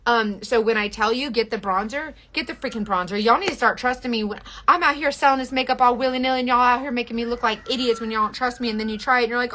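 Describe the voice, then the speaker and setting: A young woman, chatting casually through a live-stream makeup tutorial, gushing over products and quickly apologizing for her own bluntness. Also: fairly high pitch, sharp tone, slight background noise. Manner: chatty, gushing, quick self-deprecating asides.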